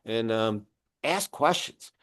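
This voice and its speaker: A man hosting an interview, chatting casually and telling animated stories. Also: medium pitch, slow. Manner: animated storyteller, acts out other people's voices. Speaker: podcast host and publisher.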